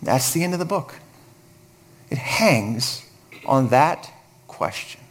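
A male preacher giving a sermon, retelling a Bible story in an animated, explanatory way. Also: mid-range voice, slow pace.

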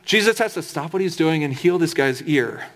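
A man's voice: fairly high pitch, expressive, moderate pace, fairly bright tone. A man preaching a sermon in a conversational, humorous way, with emphatic asides.

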